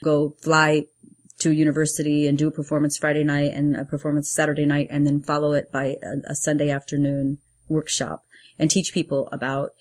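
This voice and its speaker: A middle-aged woman, a playwright and performer, telling her own story in an earnest way and getting lively when she acts out what people said. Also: sits low, fairly quick. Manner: earnest, animated when acting out quotes. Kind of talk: personal storytelling interview.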